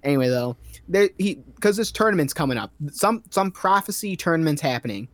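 A man's voice: fairly high pitch, very animated, brisk, no room sound. A man giving a rambling, sarcastic recap of a movie's plot in a casual comedic style, full of fillers.

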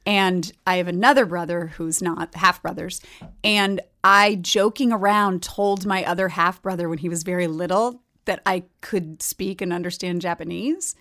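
A woman guest on a comedy chat show, telling a funny family story in an animated way. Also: lowish voice, normal speed. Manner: laughing, animated anecdote-telling. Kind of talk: casual storytelling.

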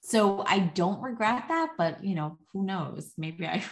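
A woman's voice: mid-range voice, lively intonation, measured pace. A middle-aged woman, a podcast guest, talking casually and chattily with many filler words and light laughs. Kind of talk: casual conversation. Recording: echoey room.

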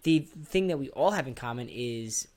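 A man's voice: medium pitch, lively intonation, moderate pace, darkish tone. Rambling young man co-hosting a podcast. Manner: laid-back, rambling, many ums. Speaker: podcast co-host. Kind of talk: casual chat.

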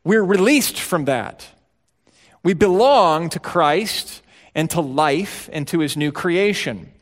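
A man preaching a sermon as pastor, emphatic, swinging between quiet, low passages and loud, urgent ones. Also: expressive, slow pace.

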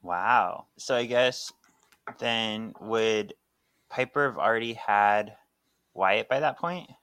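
A man's voice: lowish voice, slow, clear, resonant tone, no echo. A man co-hosting a podcast, casually chatting and narrating a comic. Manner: chatty, animated, laughing. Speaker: podcast co-host. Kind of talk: casual comic read-along.

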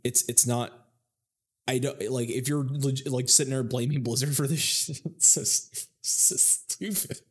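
A man's voice: medium pitch, fairly even intonation, measured pace, slightly rough. A man co-hosting a casual gaming podcast, ranting animatedly and laughing often. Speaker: podcast co-host. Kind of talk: casual chat.

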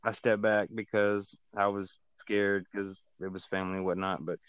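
A man's voice: on the low side, flat delivery, normal speed, fairly bright tone, clear, resonant tone, no echo. A man in casual chat, speaking hesitantly with many restarts and fillers.

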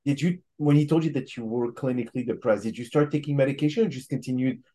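A man hosting a podcast interview, asking halting questions between short affirmations. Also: medium pitch, warm tone. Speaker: podcast host.

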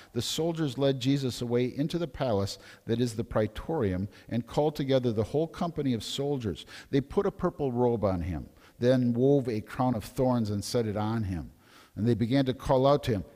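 A man as pastor reading a scripture passage, raising his voice for the crowd's shouts. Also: medium pitch, long reverb tail. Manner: dramatic, raising voice for crowd lines.

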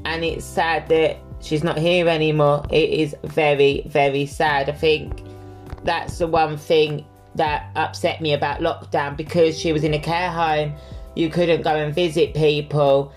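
Male podcast host, candid casual Q&A, lots of fillers, soft music underneath. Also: on the high side, flat delivery, a little slow. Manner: candid and chatty, with frequent fillers. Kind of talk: casual solo Q&A chat.

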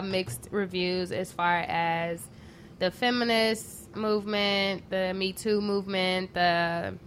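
A woman hosts a casual radio-style talk show, with a middle-pitched voice. She is chatty and relaxed, often stopping on "um" as she steers the talk toward the next topic. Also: slight background noise. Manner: chatty, with frequent "um" pauses.

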